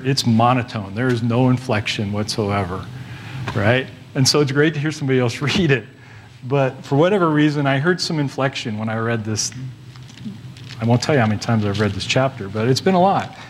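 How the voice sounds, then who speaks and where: Guy giving a sermon, chatty and halting, lots of restarts, middling pitch, bit of faint noise behind. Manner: conversational, halting with many restarts and fillers. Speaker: preacher.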